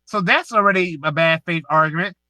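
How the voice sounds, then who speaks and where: A man's voice: a little high, brisk, pushed and bright, no echo. A man with a Southern US accent hosting a live online audio space, lecturing a caller in a heated, emphatic way and repeating himself.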